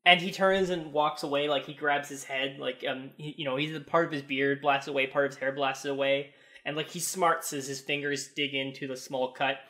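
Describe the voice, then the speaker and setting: A man's voice: mid-range voice, fairly even intonation, moderate pace, sharp tone. A man narrating a tabletop game as game master, stammering and restarting often.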